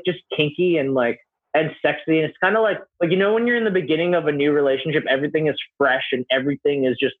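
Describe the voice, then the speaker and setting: A man's voice: fairly high pitch, breathy edge. A man in his mid thirties, a podcast guest, chatting casually and joking, with lots of fillers and restarts, over a video call. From New Jersey. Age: 30s. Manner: rambling, filler-heavy, jokey. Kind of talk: casual interview chat. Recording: tinny phone-like call audio.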